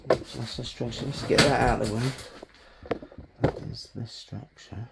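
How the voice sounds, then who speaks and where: A man's voice: medium pitch, steady tone, moderate pace, gravelly, heavy background noise. A man vlogging as he works on a bonsai, chatting casually, bantering with himself and swearing freely. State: out of breath. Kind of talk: casual self-talk while working.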